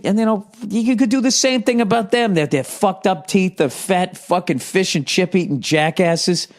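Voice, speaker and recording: A man in his forties with an American accent, riffing profanely through a comedic podcast monologue and reading aloud with mock outrage. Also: high voice. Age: 40s. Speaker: podcast host.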